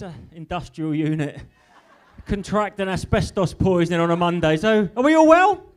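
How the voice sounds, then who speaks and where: Lively English man doing stand-up. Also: high-pitched. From Norfolk, England. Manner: chatty, teasing crowd work with quick asides. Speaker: stand-up comedian. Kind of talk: live stand-up comedy set. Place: live show in an industrial unit.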